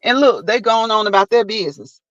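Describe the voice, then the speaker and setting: A man's voice: high-pitched, fairly quick, no room sound, highs cut off, faint music behind. A man hosting a casual live chat who tells stories animatedly, acts out what people said, and laughs often. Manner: animated storytelling, acting out quotes. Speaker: host.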